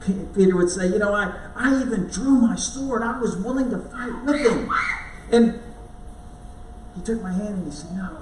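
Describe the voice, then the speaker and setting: A man giving a dramatic first-person Bible monologue in church, halting and repeating words as he tells the story. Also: high-pitched, darkish tone, a little hiss or hum. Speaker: church speaker. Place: church sanctuary. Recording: echoey room, voice from far off.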